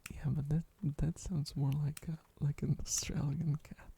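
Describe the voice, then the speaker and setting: Breathy, gravelly whispered ASMR rambling. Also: medium pitch, little pitch movement, moderate pace, warm tone, dry recording. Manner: playful, giggly, meows on request. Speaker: ASMR streamer.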